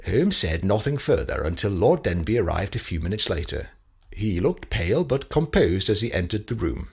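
A man with an English accent reading a detective story in an even, measured way. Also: low voice, vocal fry, breathy edge. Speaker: narrator. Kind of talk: storybook narration.

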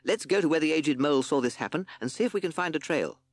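A man voicing a brave, impatient bird captain in a storybook, with a brisk, commanding manner. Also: fairly high pitch, lively intonation, no room sound, pitched above the performer's own voice. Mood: eager.

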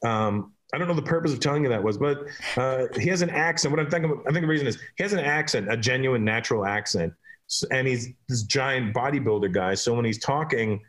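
A comedian from Canada, a man, chatting casually as a guest and telling animated stories with frequent laughs. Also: mid-range voice, a little fast. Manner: animated storytelling, laughing often. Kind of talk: casual chat.

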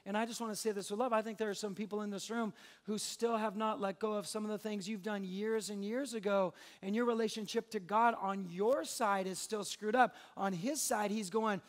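A young adult man preaching a sermon to a church crowd in a chatty, joking way, often acting out little bits of dialogue. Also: high voice. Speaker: pastor.

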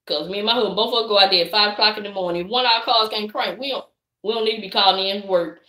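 A middle-aged woman with a Southern accent, chatting live and preaching to her viewers in a lively, direct way. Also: mid-range voice, quick pace, roomy sound. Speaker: vlogger. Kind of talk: casual live-stream chat.

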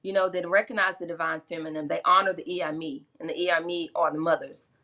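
A woman's voice: lowish voice, fairly even intonation, brisk, sharp tone. A middle-aged woman, a spiritual practitioner, earnestly retelling sacred myths in casual conversation. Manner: earnest, retells myths and slips into quoted voices.

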